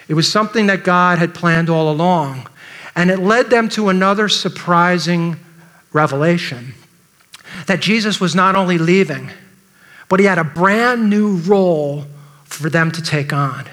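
Bright, high-voiced male preacher. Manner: dramatic, acts out the disciples' voices. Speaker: pastor. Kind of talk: sermon.

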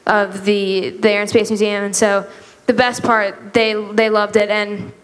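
A woman's voice: mid-range voice, level tone, a little slow, clear, resonant tone. A teenage girl giving a rambling, earnest testimony at church, with lots of fillers. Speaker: youth group member. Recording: long hall reverb.

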